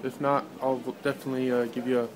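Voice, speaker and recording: This man talks fast in a mid-range voice with a level tone, casually vlogging his day around the city. He's chatty but hesitant, filling gaps with lots of ums, while traffic and street noise run in the background.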